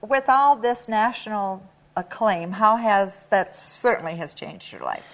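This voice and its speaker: A woman co-hosting a morning show in a chatty, reactive way with quick interjections. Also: mid-range voice, big pitch swings, low-quality recording. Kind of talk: casual interview chat.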